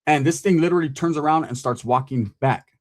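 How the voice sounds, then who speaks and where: A man with a slightly raised voice tells a story in a loose, profane street-slang style. He keeps checking in with listeners and gets animated as the tension builds. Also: on the high side, fast talker. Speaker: podcast host telling a story. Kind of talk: casual storytelling.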